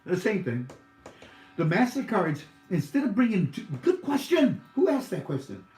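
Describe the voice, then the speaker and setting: A man's voice: sits high, huge pitch swings, moderate pace, a little mellow, soft background music. Rambling, laughing man in a roomy echo. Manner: rambling, joking, laughs often. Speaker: livestream host. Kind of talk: casual livestream Q&A.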